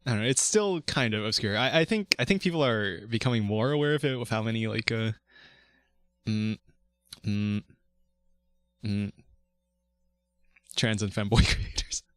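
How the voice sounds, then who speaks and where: This vtuber streams a rambling, casual chat about voice technique, full of restarts, swearing and laughs between words. His fairly low voice is animated, clean and fairly bright, at a moderate pace with frequent pauses, in a dry recording.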